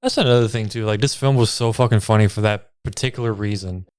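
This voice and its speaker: A man's voice: fairly low pitch, quick pace, a little mellow, clear, resonant tone. A man co-hosting a casual movie review podcast, retelling scenes in a laid-back, profane way. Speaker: podcast co-host.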